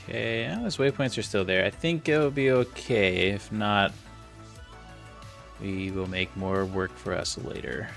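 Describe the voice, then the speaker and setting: A man with a low, gravelly voice gives relaxed gameplay commentary. He thinks aloud and talks himself through each small fix. Faint music plays behind him. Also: a little slow. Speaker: game modder and video creator. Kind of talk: casual commentary while playing and editing a game.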